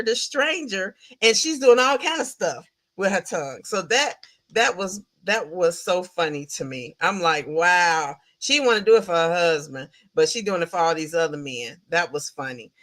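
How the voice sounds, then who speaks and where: Chatty woman recapping a film. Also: medium pitch. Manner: chatty, animated retelling with laughs and questions to chat. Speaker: podcast host reviewing a film. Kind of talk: casual livestream film recap.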